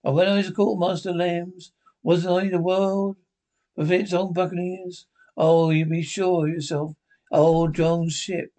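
A man reading aloud and voicing a cunning, boastful old pirate quartermaster in rough sailor dialect. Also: high voice, flat delivery, unhurried, warm tone.

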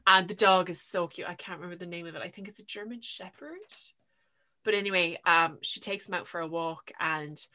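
Bright, chatty woman. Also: lowish voice, brisk. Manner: chatty, enthusiastic retelling with lots of fillers. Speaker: podcast co-host. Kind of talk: casual book chat.

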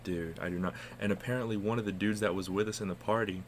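A man's voice: on the low side, fairly even intonation, fast, slight background noise. A man from the United States co-hosting a casual podcast, telling rambling, profane stories. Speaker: podcast co-host.

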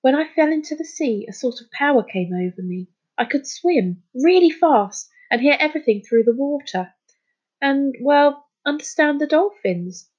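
The voice reads as male and very high-pitched, animated, lo-fi, and pushed above the performer's natural pitch. In a storybook reading, a woman plays an earnest schoolboy who turns dolphin-like, hesitantly and pleadingly stumbling over his words as he confesses something strange.

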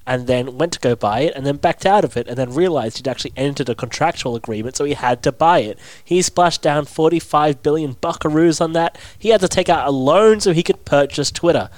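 Young man, Australian accent, podcast co-host, casual joking chat, slightly high voice, dry sound. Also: normal speed, no room sound. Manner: joking, animated, rambling.

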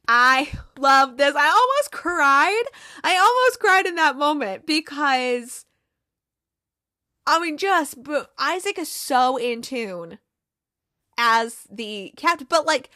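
A chatty woman recaps a TV episode, retelling scenes and slipping into quoted lines between laughs. Her voice sits fairly high and sounds dry and close. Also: lively intonation, a little slow, bright, forceful tone, no room sound. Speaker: TV recap podcast host.

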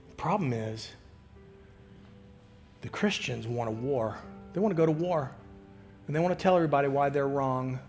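A pastor preaching a sermon, swinging from loud emphatic lines to hushed near-whispers, with halting restarts. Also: male voice, mid-range voice, faint music behind.

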